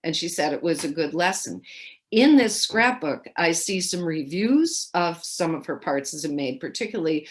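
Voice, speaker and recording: A woman's voice: low voice, normal speed. Older woman telling theater stories. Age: 70s. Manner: anecdotal, amused, lively quoting of others. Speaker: keynote speaker. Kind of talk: storytelling speech. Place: home, recorded for a virtual festival.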